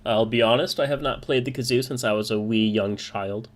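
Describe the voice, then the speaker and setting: A man voicing a cheerful male bard shopkeeper in a sing-song voice, raised in pitch. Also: fairly quick, lightly acted.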